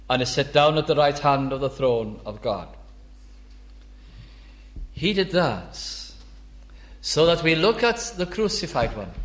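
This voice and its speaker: A man's voice: on the high side, fairly bright tone, roomy sound. A man preaching a sermon, earnest and emphatic, lifting his voice to stress key words.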